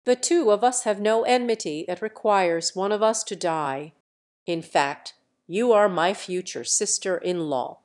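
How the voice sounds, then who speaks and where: A woman reading the part of a brash, easygoing young male martial hero who talks in a calm, lecturing, self-assured way. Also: mid-range voice, measured pace, natural voice.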